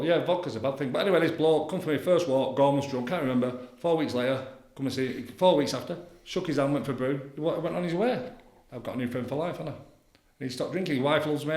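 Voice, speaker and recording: A middle-aged addiction counsellor with a medium-pitched, darkish voice is a guest on a casual podcast, recorded in a roomy, echoey room. He talks bluntly, repeats himself, and leans heavily on tag questions.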